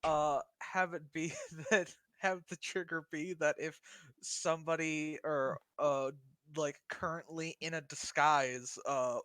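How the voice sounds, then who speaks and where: Hesitant, rambling tabletop player. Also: male voice, fairly high pitch, steady tone, slow, sharp tone, clear, resonant tone, no room sound. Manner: rambling, hesitant, self-correcting. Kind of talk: casual tabletop play.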